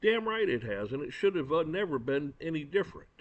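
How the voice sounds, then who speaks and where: A man's voice: on the high side, big pitch swings, fairly quick. Man ranting his opinions, blunt and cursing, on a lo-fi recording. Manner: blunt, profane, angry, repeats words. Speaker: commentator. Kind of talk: opinion rant. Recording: dull lo-fi recording.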